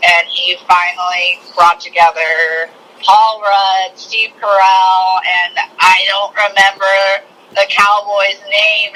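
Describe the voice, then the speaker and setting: A man co-hosting a loose podcast chat, rambling and giggling as he hunts for names he can't recall. His voice is high and very bright, with a sharp edge to it. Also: low-quality recording. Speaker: podcast co-host. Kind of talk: casual chat.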